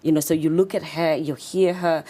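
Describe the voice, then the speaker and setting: A woman from Zimbabwe with a Zimbabwean accent, a confidence coach and author speaking as an interview guest, quick and animated with many fillers. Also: deep voice. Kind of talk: casual interview talk.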